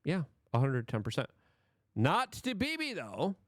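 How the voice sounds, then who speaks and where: A man's voice: a little high, wildly swooping pitch, unhurried, a bit bright, no room sound, studio quality. A man hosting political commentary, talking emphatically and firing off rhetorical questions.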